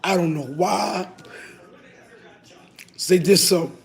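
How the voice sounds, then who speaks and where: A hoarse, sick man chatting casually and slangily on a phone live stream, tagging his lines with "you heard?". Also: fairly high pitch, steady tone, takes it slowly, pauses often, faint music behind.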